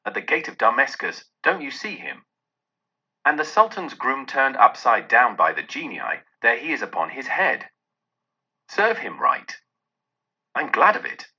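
An old miser, giddy and tearful, his voice swinging from laughter toward crying, as a man reading the tale puts him on. The husky voice leaps up and down in pitch. The recording is dull and lo-fi. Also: unhurried, exaggerated voice. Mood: excited. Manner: excited, breaking between laughing and crying. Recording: dull lo-fi audio.

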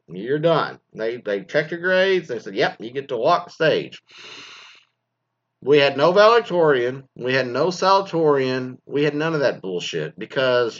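A Texas man and former teacher rants casually about school graduations, swearing heavily and wandering off into mocking asides. His voice is medium-pitched and slightly bright, and the recording sounds muffled.

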